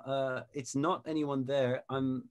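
A man talking as an expert guest in a video-call interview, explaining in a thoughtful, measured way and demonstrating sounds. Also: mid-range voice, fairly even intonation, a little mellow. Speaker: guest expert on Shakespeare pronunciation.

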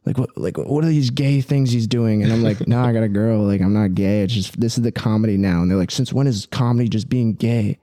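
A man's voice: fairly low pitch, fairly even intonation, brisk, few pauses, mellow, no echo, studio quality. A young man chatting casually as a podcast guest, rambling with lots of "like" and "dude". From Philippine heritage.

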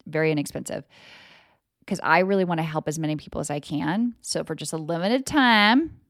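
A woman's voice: low voice, brisk, no room sound, studio quality. A woman hosting a motivational podcast as an energy coach, talking casually and emphatically and swearing freely. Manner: emphatic, swings into loud mock voices. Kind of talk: motivational solo podcast talk.

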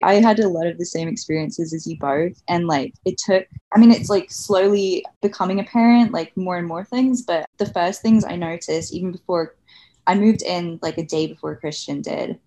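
A woman chatting casually in a relaxed way, sharing her own experiences with frequent fillers. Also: on the low side, moderate pace. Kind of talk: casual chat.

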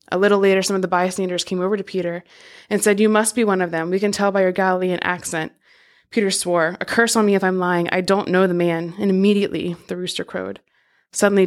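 Flat, steady woman reading scripture. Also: medium pitch. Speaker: podcast co-host reading scripture.

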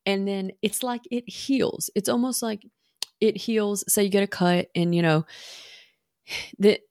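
A woman's voice: medium pitch, a little slow, darkish tone, no room sound, studio quality. A woman in her thirties hosting a parenting talk, chatting casually and acting out little quoted lines as she explains. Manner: conversational, self-correcting, acts out quoted lines. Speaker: parenting podcast host.

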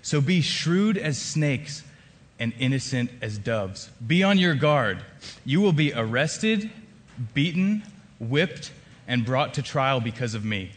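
A man putting on a solemn spiritual teacher who warns his followers with emphatic, earnest phrasing. The voice sits at a middle pitch and close to the storyteller's own. A long reverb hangs behind it as in a big hall. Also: animated, takes it slowly.

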